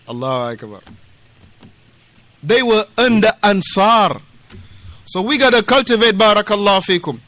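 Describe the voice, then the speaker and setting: A West African Islamic lecturer, his voice high-pitched, bright and forceful on a dry recording, explains a classical text during a mosque lesson. He hammers home key phrases through repetition, mixes street slang with Arabic terms, and acts out the quoted dialogue with emphasis.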